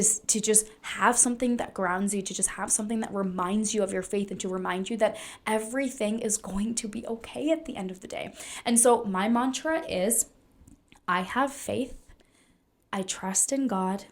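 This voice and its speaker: A young woman, a wellness coach, giving earnest, chatty motivational advice to camera, full of "like" fillers and now and then dropping to a soft whisper. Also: medium pitch. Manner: sometimes drops into a soft whisper. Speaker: naturopathic doctor and wellness coach. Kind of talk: casual motivational talk to camera.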